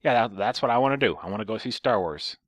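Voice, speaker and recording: A man voicing a paranoid, fussy elderly woman who employs him, in a high, loud put-on voice. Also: lively intonation, quick pace, no echo. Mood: fussy, secretive.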